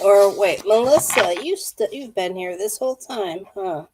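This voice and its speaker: A woman's voice: medium pitch, lively intonation, measured pace, noisy background. A wheezy woman in her fifties giving a live card reading, speaking intuitively to viewers by name. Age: 50s. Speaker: tarot card reader.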